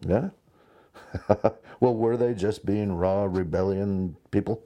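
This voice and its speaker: Man preaching, low pitch, mellow tone, chatty storytelling sermon, thirties. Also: slow pace. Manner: conversational, animated storytelling with asides. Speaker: pastor.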